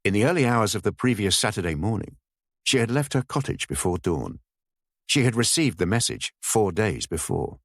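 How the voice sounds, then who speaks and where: A man reading a thriller aloud in measured, expressive scripted narration. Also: sits low, gravelly, no echo, clean studio sound. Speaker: audiobook narrator.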